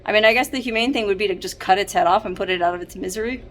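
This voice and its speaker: A woman's voice: medium pitch, rapid-fire, background noise. A young adult woman vlogging casually, distressed and apologetic, with nervous laughs. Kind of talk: casual vlog talk to camera. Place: hot house and shaded yard.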